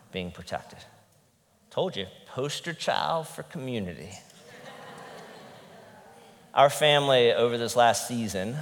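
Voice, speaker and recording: Guy pastor preaching casually to his church, earnest, gets emotional, voice ringing out in a big echoey sanctuary. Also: fairly low pitch. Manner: earnest, candid, often emotional, with fillers. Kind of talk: conversational sermon. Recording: long reverb in a large hall.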